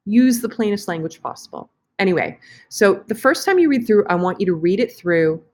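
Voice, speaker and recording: A woman's voice: mid-range voice, lively intonation, a little fast, a little mellow. A woman teacher talking casually through an online lesson on screen, chatty and correcting herself as she clicks around. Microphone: computer mic for screen recording.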